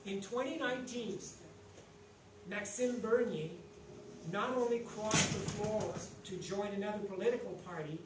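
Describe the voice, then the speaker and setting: A man's voice: high-pitched, measured pace. Earnest man introducing a rally speaker. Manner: earnest, repetitive, building emphasis. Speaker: event host introducing the speaker. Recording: echoey hall, distant mic, faint noise.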